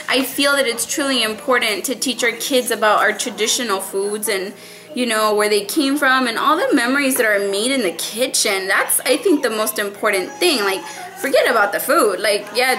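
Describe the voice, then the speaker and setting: A young pregnant woman talks casually to her viewers while cooking in her home kitchen. Her voice is bright and sits a little high, and she chats into a phone camera as if her audience were family. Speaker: vlogger.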